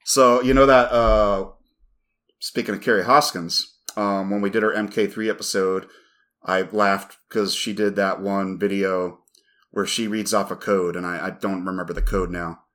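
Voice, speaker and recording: A man's voice: sits low, fairly even intonation, normal speed, a bit bright. A man co-hosting a podcast, telling a rambling, profane story in casual chat. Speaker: podcast co-host.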